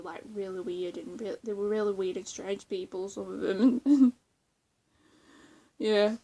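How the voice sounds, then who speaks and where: A young woman talking to camera in a casual vlog. She rambles, starts over often and fills pauses with "um" and "like", breaking into giggles. Her voice sits at an ordinary middle pitch. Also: mellow. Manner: rambling, giggly, many fillers and restarts. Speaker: vlogger. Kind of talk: casual chat.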